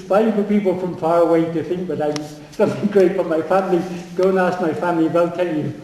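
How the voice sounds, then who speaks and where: Softly halting man in an echoey hall. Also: sits high, fairly even intonation, a little hiss or hum. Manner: halting, repeats words while thinking. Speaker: speaker on spiritual teachings. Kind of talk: answering audience questions. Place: meeting room. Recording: echoey hall, far from the mic.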